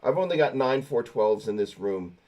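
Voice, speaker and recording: A man's voice: medium pitch, expressive, moderate pace, dark tone. A man hosting a casual chat, telling stories with many restarts. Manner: rambling, self-correcting storyteller. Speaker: host.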